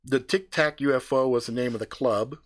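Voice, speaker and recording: A man's voice: medium pitch, brisk, no echo, clean studio sound. A man improvising a profane story live on stream, dropping laughing asides. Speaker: livestream storyteller.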